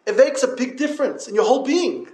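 Man giving a yeshiva talk, high-pitched, with yeshivish English full of Yiddish words and a storytelling way of addressing listeners; recorded in a roomy space. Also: very animated, quick pace, a little mellow. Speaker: yeshiva lecturer. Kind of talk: Torah talk to yeshiva students. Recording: echoey room.

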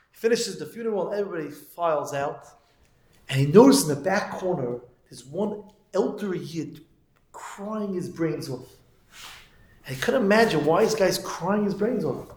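Male preacher with a higher voice, animated storyteller, recorded in an echoey room. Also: normal speed. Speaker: religious speaker. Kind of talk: sermon storytelling.

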